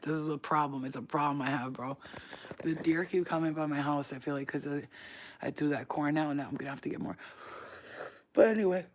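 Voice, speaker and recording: A woman vlogger chatting casually to her viewers, rambling in slang and sliding into baby talk with her dog. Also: sits low. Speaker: spiritual vlogger. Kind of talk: casual chat to camera.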